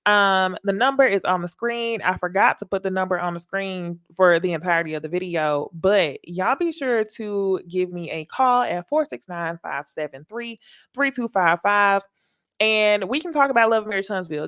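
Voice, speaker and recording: A woman's voice: mid-range voice, a bit bright, clear, resonant tone, no room sound, clean studio sound. A woman with a Southern American accent hosting a casual, candid recap talk show, chatty and emphatic. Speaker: host.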